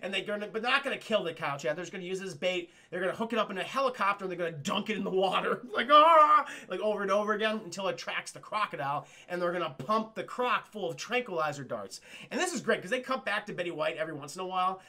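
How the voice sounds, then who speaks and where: Streamer guy talking to chat about a movie, high-ish voice, gravelly, swears a lot. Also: fast, hardly any pauses, sharp tone. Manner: swears freely and keeps addressing chat. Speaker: streamer and film reviewer. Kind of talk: casual livestream film recap to chat.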